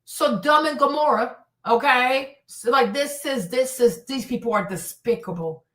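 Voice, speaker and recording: Fiery high-voiced woman host ranting profanely in an echoey room. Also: unhurried, fairly bright tone. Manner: heated, blunt and profane, repeating lines for emphasis. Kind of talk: casual commentary.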